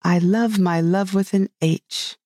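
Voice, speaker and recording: A man's voice: high voice, steady tone, slow pace, a little mellow, no echo, clean studio sound, voice pushed up. A man voicing a curious, polite young girl in a storybook reading, raising his voice. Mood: eager. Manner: eager, polite.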